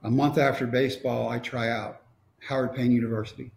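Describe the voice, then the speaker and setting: Gravelly middle-aged man, wry storyteller, echoey room. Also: medium pitch, level tone, fairly quick, darkish tone. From Texas. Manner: wry, storytelling with quoted dialogue. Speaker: motivational speaker. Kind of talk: storytelling talk.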